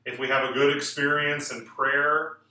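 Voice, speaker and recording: Bright-voiced priest in an echoing church. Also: male voice, fairly high pitch, level tone. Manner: measured, clear liturgical reading with slow emphatic pauses. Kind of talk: reading scripture and preaching a homily. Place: large church. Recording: echoey church, voice from far off.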